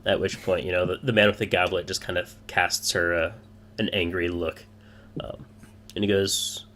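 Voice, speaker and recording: A man's voice: low-pitched, flat delivery, moderate pace, a bit bright. A man narrating a tabletop game as game master, hesitant and full of filler words.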